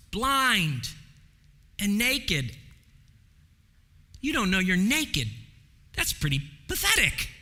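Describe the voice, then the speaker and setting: A male pastor preaching a sermon to his congregation, emphatic, slowing down dramatically and raising his voice for key points. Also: very high voice, sing-song, sharp tone. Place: church sanctuary. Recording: long hall reverb in a church.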